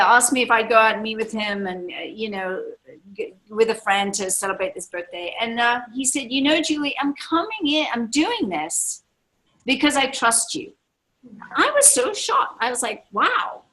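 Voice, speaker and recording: A woman's voice: on the high side, a bit bright, rough recording. A woman in her sixties gives a motivational seminar talk to a live audience as a business leader, enthusiastic and emphatic, often repeating her key phrases. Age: 60s. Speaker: network marketing leader.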